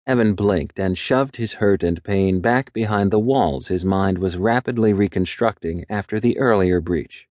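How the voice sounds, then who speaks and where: A deep-voiced male narrator reads an audiobook script in a measured, even storytelling manner. The recording is dry and clean, with studio quality.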